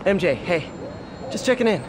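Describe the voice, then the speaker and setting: A man's voice: high-pitched, very animated, moderate pace, background noise. An actor playing a friendly, earnest young male hero who talks in an upbeat, chatty way.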